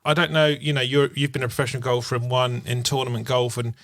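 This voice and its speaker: A man telling golf stories in casual chat, rambling and animated with lots of fillers. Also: mid-range voice, fast, dry recording, clean studio sound. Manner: rambling, animated storytelling full of "like" and "you know". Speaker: podcast co-host.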